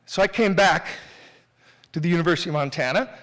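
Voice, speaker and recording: A man's voice: on the high side, quick pace, a bit bright. A man telling a personal story live on a theater stage, candid and self-mocking, talking conversationally with restarts.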